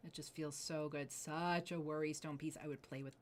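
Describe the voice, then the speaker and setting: A woman hosting a live jewelry sale, gushing over each piece and often dropping to breathy near-whispers as she admires it. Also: low-pitched, fairly even intonation, normal speed, slight background noise. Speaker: jewelry sales host. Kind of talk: live shopping presentation.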